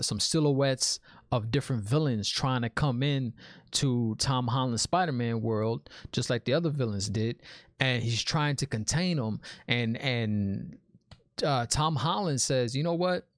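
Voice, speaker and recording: A man's voice: mid-range voice, measured pace, fairly bright tone, dry recording. A man in an easygoing spoiler review with a mid-range voice. He talks with loose enthusiasm, repeating himself and restarting as his thoughts catch up. The recording is dry and close. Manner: chatty and enthusiastic, often calls the listener "man". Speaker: movie reviewer.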